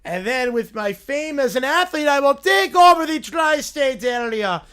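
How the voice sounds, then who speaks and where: A man's voice: extremely high pitch, expressive, normal speed, fairly bright tone. A man voicing a bumbling, theatrical middle-aged evil scientist who rambles and stammers. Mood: scheming.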